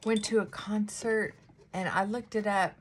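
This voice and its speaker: A woman's voice: medium pitch, fairly even intonation, measured pace, noisy background. A middle-aged woman chatting casually to viewers while she does her makeup at home. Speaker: beauty vlogger. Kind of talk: casual get-ready-with-me chat.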